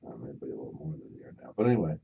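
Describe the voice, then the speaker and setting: Gravelly radio host, animated and lo-fi. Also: male voice, very deep voice, rapid-fire. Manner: animated storyteller, acts out loud voices. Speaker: radio talk show host. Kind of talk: casual radio chat. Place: radio studio. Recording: dull lo-fi radio broadcast.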